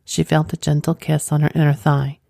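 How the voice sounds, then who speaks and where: Low, mellow woman reading a sensual story. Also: flat delivery, brisk, gravelly, no echo, clean studio sound. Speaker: narrator.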